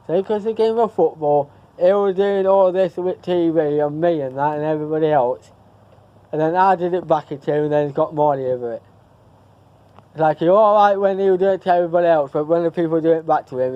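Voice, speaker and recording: A man's voice: fairly high pitch, warm tone, dull audio. A man chatting casually to camera in a vlog, rambling and repeating himself as he loses his thread. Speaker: vlogger.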